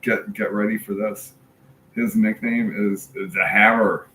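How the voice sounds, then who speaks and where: A man with a lowish voice drags his story out slowly, stalling on fillers and restarting his sentences. The room is echoey, with a faint hiss behind him. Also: level tone, sharp tone. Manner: slow, halting storyteller, many fillers and restarts. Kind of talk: crude casual chat.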